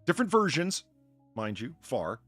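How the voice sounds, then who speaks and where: A man's voice: mid-range voice, huge pitch swings, normal speed, a bit bright, faint music behind. A man hosting a casual livestream chat, reading out chat comments with wry, profane remarks. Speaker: host.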